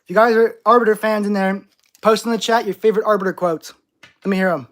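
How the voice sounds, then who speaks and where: A man's voice: high voice, steady tone, quick pace, a bit bright. A man hosting a live stream, reading chat questions aloud with playful, jokey overreactions. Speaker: channel host.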